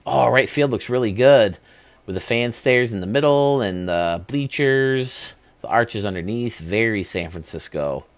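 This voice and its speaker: A man's voice: medium pitch, animated, a little slow, dry recording. A man hosting a video game channel, giving casual, enthusiastic commentary that rambles as he thinks aloud.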